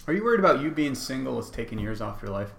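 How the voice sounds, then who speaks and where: A man's voice: mid-range voice, big pitch swings, racing, creaky, a little hiss or hum. A man co-hosting a casual podcast, teasing his friend in a rambling way. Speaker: podcast co-host. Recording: roomy echo.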